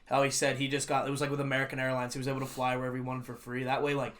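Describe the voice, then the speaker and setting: A man's voice: medium pitch, completely flat delivery, very fast, a bit bright. A young man hosting a casual podcast, telling rambling stories and laughing often. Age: young adult. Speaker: podcast host. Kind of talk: casual chat.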